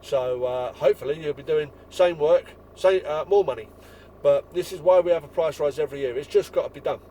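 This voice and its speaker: A man's voice: a little high, brisk, mellow, slight background noise, poor audio. A man, a window cleaner ranting bluntly and swearing as he talks to fellow tradesmen.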